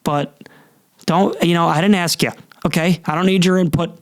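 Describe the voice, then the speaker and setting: An exasperated man rants on his podcast, cursing freely and tripping over his own restarts. His voice sits a bit high for a man. The sound is close and dry, with no room echo. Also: steady tone, moderate pace. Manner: profane, exasperated, rambling with many restarts. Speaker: podcast host. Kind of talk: casual storytelling rant.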